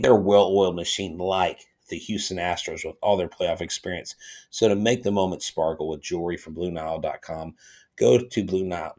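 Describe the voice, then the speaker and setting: A man with a very low voice co-hosts a baseball podcast. He reads a sponsor spot briskly, then talks through the game in an easygoing way. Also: a little mellow. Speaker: podcast co-host. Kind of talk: sports podcast talk and ad reads.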